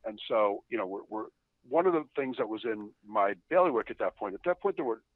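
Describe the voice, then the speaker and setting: A man's voice: lowish voice, animated, fairly quick, dry recording. A man on a podcast, telling profane anecdotes in a chatty, laughing way. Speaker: podcast guest. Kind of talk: casual storytelling. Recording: dry tinny phone line.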